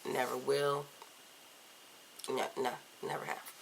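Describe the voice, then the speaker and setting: A woman in her thirties from Virginia, chatting casually through a list of tag questions on a camcorder, candid and playful, often trailing off softly. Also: rumbling low, little pitch movement, slow, creaky, slight background noise. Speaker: vlogger. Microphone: camcorder mic.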